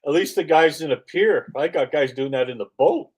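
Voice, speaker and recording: A man's voice: a little high, moderate pace, slightly rough. A man co-hosting a casual podcast chat who drops dry wisecracks.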